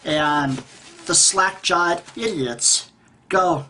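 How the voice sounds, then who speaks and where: Man, 30s, home vlog rant, bright and husky voice, frustrated and foul-mouthed, trips over his words. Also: on the high side, expressive, measured pace. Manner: frustrated, profane, rambling with restarts. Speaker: vlogger. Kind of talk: ranting vlog monologue. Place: at home by a table.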